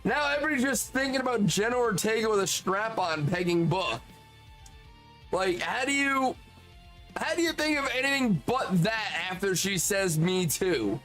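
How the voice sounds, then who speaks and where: A man's voice: high-pitched, lively intonation, normal speed, music in the background. A man streaming and chatting casually with his chat, swearing freely and often laughing.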